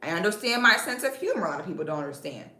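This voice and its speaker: A woman's voice: fairly low pitch, very animated, racing, echoey room. A woman from Central Florida with a Southern accent, hosting a live stream and talking bluntly and sassily to her viewers with plenty of cursing. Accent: Southern American, Florida. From Central Florida, USA. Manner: sassy, profane, sharp comebacks.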